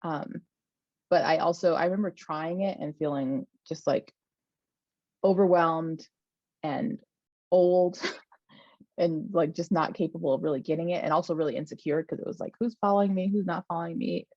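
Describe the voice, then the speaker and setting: A woman guest in casual conversation, relaxed and self-deprecating, laughing between phrases. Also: sits low, moderate pace, long pauses, no echo. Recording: dry, dull lo-fi mic.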